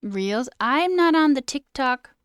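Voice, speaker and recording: Slow and smooth, her high voice comes through clean studio sound with no room sound. She's a coding livestreamer in her twenties chatting casually as she reads chat, ranting with lots of "like" and cursing.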